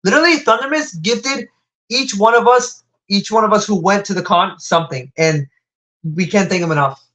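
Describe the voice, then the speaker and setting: A young man with a slight Latin American Spanish accent, hosting a live toy unboxing stream and gushing with excitement. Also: normal speed, low-quality recording. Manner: excitable, gushing, wide pitch jumps.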